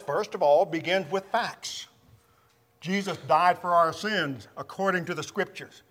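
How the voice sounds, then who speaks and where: A man preaching a sermon, teaching from scripture in a measured, emphatic way. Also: high voice, fairly bright tone, big-room sound.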